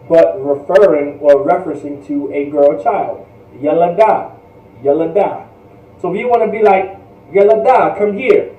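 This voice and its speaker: A man teaching an online language class in a patient, repetitive way, drilling words slowly and checking "all right?" often. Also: sits high, reverberant, far from the mic, muffled recording.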